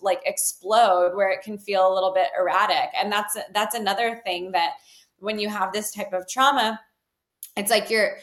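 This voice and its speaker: A woman's voice: medium pitch, a bit bright. A woman guest speaking earnestly in a candid interview, with many "like" fillers. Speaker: guest, healer. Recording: roomy echo.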